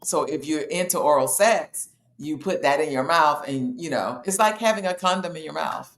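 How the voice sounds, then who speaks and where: Woman, low voice, matter-of-fact, health explainer, echoey room. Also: normal speed. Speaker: health educator. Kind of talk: casual health talk.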